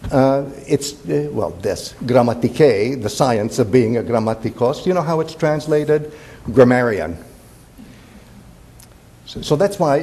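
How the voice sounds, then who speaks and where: A man's voice: mid-range voice, warm tone. An older man from Indiana giving a playful, digressive classics lecture at a symposium, full of fillers and restarts. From Indiana, USA. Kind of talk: symposium talk.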